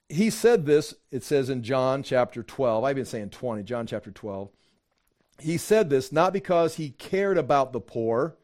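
A man's voice: on the high side, darkish tone. A man teaching a Bible passage in a casual, rambling sermon, full of asides and everyday comparisons. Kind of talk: conversational Bible study sermon.

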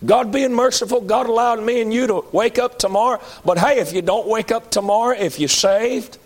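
A man preaching a sermon, moving between loud high-pitched calls and low pleading appeals. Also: normal speed.

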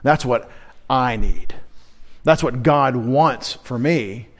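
A man's voice: mid-range voice, slow pace. A man preaching a midweek sermon as pastor, emphatic, asking rhetorical questions and quoting scripture.

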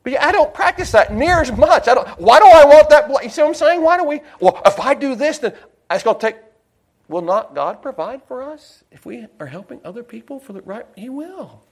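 A man with a very high, expressive voice preaches a sermon in a folksy, digressive style. He slows down to stress his points and slips in personal stories.

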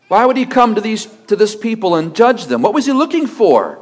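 A male pastor preaching a sermon with emphatic delivery, rhetorical questions and steady repetition. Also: sits high, fairly quick, few pauses.

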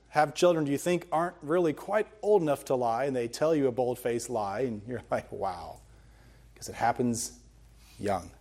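A man's voice: a little high, a little mellow. A man preaching a sermon, reading scripture aloud and then explaining it with earnest emphasis. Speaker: pastor.

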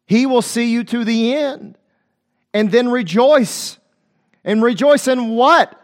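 A man's voice: extremely high pitch, takes it slowly. A man preaching a sermon with passion, talking straight to his listeners and acting out scripture voices. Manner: impassioned, calls out to listeners, quotes scripture in dramatic voices.

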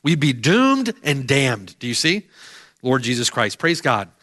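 A man's voice: medium pitch, big pitch swings, measured pace, fairly bright tone. A middle-aged man preaching a sermon emphatically, repeating phrases for weight. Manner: emphatic, repeats phrases, rises and falls sharply.

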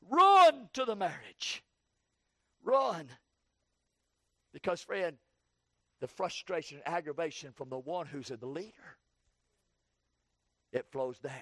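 A man preaching an evening sermon in repetitive call-and-response style, swinging from hushed low phrases to shouted peaks. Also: big pitch swings, slow pace, long pauses, dry recording.

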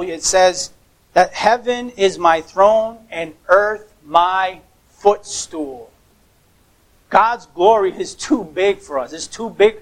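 A man's voice: sits high, poor audio. A man preaching a sermon as pastor, emphatic, stressing words by repeating them, with occasional stumbles.

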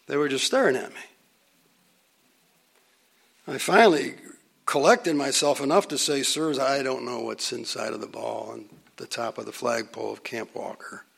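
A man preaching a sermon, telling a personal story with dramatic pauses and sometimes dropping almost to a whisper. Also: mid-range voice, gravelly, fairly bright tone, slightly rough.

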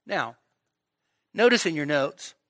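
Bright-toned slow-speaking male preacher. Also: a little high, big pitch swings. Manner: conversational, asks the audience "right?" and "okay?" often; acts out imagined dialogue with playful sarcasm. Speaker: pastor. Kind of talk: expository sermon.

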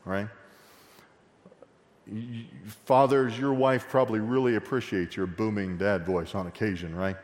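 Lively preacher in an echoing hall. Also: male voice, mid-range voice, normal speed. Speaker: pastor. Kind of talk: expository sermon.

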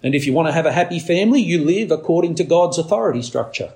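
A man's voice: expressive, fast, warm tone. A man preaching a sermon in an earnest tone, who now and then mimics a demanding baby. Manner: earnest preaching, acts out a baby's demands in a shrill voice. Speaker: pastor.

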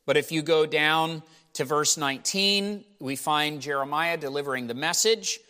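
A man preaching a sermon as pastor, retelling a scripture story with animated voicing of the people in it. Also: a little high. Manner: animated, rising loud when voicing the people. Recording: hall reverb.

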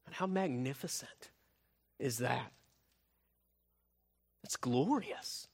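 Male pastor, mid-pitch, sermon delivery, habitual "right?" checks, builds loud then drops hushed. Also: lively intonation, slow, gravelly, breathy edge. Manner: frequent tag questions "right?", swells louder then drops soft.

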